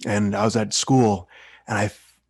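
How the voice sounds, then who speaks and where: A man's voice: lowish voice, level tone, moderate pace, creaky, a little mellow, no room sound. A young man giving an earnest, heartfelt personal speech as a Toastmasters speaker.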